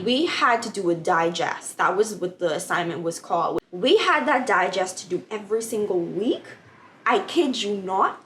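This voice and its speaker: A young woman vlogging at home, animated as she tells a personal faith story and acts out the dialogue. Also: mid-range voice, a little hiss or hum. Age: young adult. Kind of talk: casual testimony vlog.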